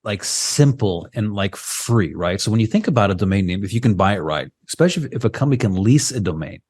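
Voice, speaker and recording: Low-voiced man talking on a video call. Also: quick pace, breathy edge. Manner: animated, keeps asking "right?". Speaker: podcast co-host. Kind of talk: casual chat.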